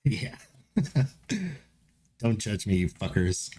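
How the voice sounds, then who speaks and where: Tipsy guy rambling on his stream, laughs a lot, swears, mellow low-key tone. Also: slow pace. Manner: rambling, self-mocking, laughs often, swears. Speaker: live streamer. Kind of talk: casual live-stream chat.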